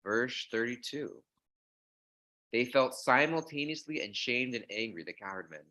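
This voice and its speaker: A man's voice: medium pitch, expressive, measured pace, bright, forceful tone. A man teaching a morning scripture class, speaking conversationally and telling anecdotes. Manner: conversational storytelling, acts out voices in anecdotes. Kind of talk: sermon.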